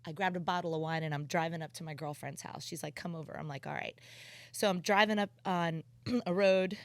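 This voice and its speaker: Excitable woman telling a story. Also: on the low side, fairly quick, dry recording. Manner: excitable storyteller, swears freely. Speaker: podcast guest. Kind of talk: casual chat.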